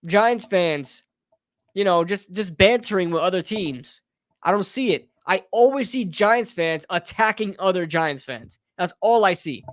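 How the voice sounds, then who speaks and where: A man hosts a live sports talk stream, ranting heatedly as a fan and often calling listeners bro and brother. His voice sits high, and the clean studio sound has no echo.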